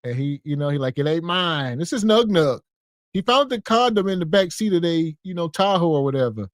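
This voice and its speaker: A man's voice: fairly high pitch, expressive, a little fast, no room sound, clean studio sound. A man co-hosting a podcast, casually recounting what happens in a video clip. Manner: recounting, retelling quotes. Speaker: podcast co-host. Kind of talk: casual reaction commentary.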